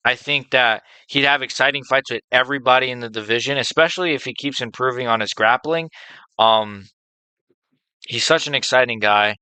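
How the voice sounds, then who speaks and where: Bright-voiced guy riffing on fights, swears a lot, tons of ums and likes, smooth crisp tone. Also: medium pitch, no room sound. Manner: rambling, profane, with many fillers; enthusiastic fan opinions. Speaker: MMA video host. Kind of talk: casual unscripted monologue.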